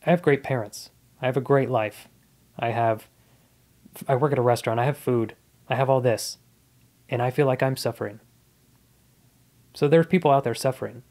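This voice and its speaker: A man's voice: mid-range voice, moderate pace, long pauses, a little mellow. A man in his thirties, a comedian guest on a podcast, telling his life story in a casual, earnest and reflective way.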